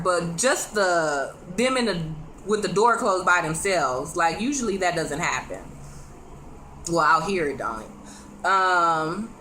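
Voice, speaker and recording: With a bright, forceful tone at medium pitch, a woman reviewing a TV drama chats casually through an episode recap. She addresses her viewers directly and acts out lines the characters say. There's a little hiss or hum on the audio.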